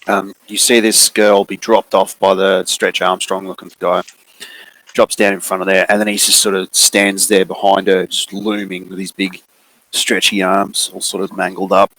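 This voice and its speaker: A man, running a tabletop game and describing the scene with many pauses and fillers. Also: low voice, flat delivery, fairly bright tone, low-quality recording. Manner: unhurried, hesitant with many fillers. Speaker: game master.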